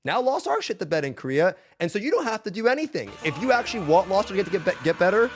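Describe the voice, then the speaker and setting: A man's voice: high voice, sing-song, quick pace, slight background noise. A man streaming games, ranting in casual chat with heated, profane emphasis. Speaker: game streamer. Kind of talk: casual live-stream rant.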